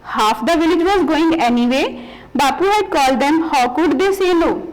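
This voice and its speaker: A woman's voice: high-pitched, lively intonation, moderate pace, rough recording. A woman teacher reads a textbook story aloud and explains each sentence in simpler words. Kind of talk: reading and explaining a textbook chapter.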